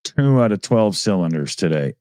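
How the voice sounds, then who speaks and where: A man's voice: low voice, sing-song, normal speed, dark tone, no room sound, studio quality. A Canadian man co-hosting a casual online chat show, rambling and joking with frequent laughs. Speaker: podcast co-host.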